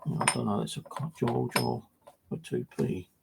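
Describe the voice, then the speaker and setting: A man's voice: lowish voice, very animated, normal speed, creaky, very noisy. A man with a casual, rambling way of talking, telling his viewers about his day detecting. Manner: rambling, conversational, with fillers and slang. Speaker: metal detecting vlogger. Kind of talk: casual storytelling to camera.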